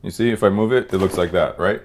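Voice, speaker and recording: A man's voice: sits low, fast talker, a little hiss or hum. A man giving a casual drawing demonstration, rambling irreverently, swearing freely and bantering with himself as he works. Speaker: artist teaching a drawing demo.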